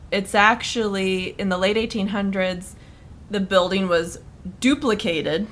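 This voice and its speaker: A woman's voice: mid-range voice, fairly bright tone. A woman co-hosting a paranormal podcast, chatting casually with frequent giggles, fillers and self-corrections. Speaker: podcast co-host. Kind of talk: casual chat.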